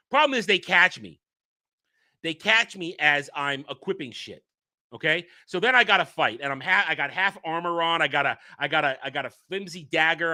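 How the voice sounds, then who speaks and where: Excitable male streamer, rambles and swears, lively pitch, highish voice. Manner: rambling, excitable, swears, swings from loud to muttering. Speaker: streamer host. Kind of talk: casual livestream rant.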